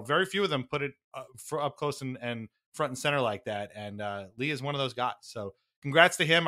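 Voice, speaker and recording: A man's voice: mid-range voice, sharp tone. A man co-hosting a sports podcast in casual, rambling chat, restarting his sentences and laughing between thoughts. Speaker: podcast co-host.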